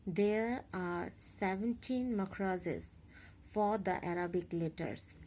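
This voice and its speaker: A young adult woman teacher with a Bangladeshi accent, explaining a class lesson slowly and carefully, spelling out examples. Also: medium pitch, darkish tone, a little hiss or hum. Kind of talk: recorded online class lesson.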